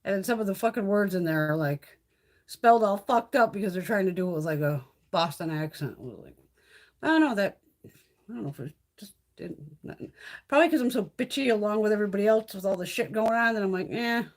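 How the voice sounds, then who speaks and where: A woman's voice: medium pitch, animated, fast. A woman beauty vlogger chatting casually on a live stream while doing her makeup, blunt and full of swearing.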